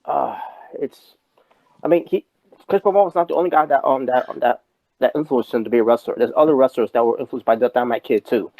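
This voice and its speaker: A man's voice: medium pitch, fast, gravelly, dark tone, low-quality recording. A man co-hosting a podcast, rambling in casual wrestling talk with many restarts and fillers. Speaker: podcast co-host.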